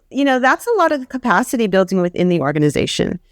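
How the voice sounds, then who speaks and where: A woman's voice: fairly high pitch, very animated, fast talker, dry recording, studio quality. A woman guest talking casually and earnestly about a sabbatical grant program, telling stories and acting out the people she quotes. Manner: earnest storytelling, acts out quoted voices. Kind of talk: casual conversation.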